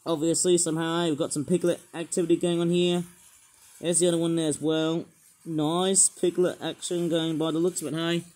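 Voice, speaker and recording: A man with a fairly high voice hosts a toy unboxing with rambling, excitable energy. His throat is slightly croaky and sore, and he fills the gaps with asides and fillers. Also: fairly quick. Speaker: toy reviewer. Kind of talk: casual unboxing review.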